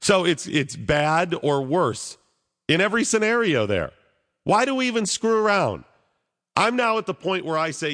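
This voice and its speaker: A man's voice: high-pitched, big pitch swings, moderate pace, fairly bright tone, big-room sound. A man hosting a talk radio show, giving blunt, opinionated and exasperated commentary.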